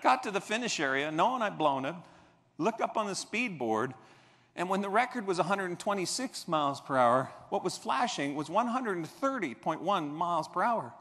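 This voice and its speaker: Male keynote speaker, fairly high, lively storyteller who acts out scenes, stage mic in a big reverberant convention hall. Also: normal speed. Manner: animated storyteller, acting out scenes and shouting for effect. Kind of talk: motivational keynote speech.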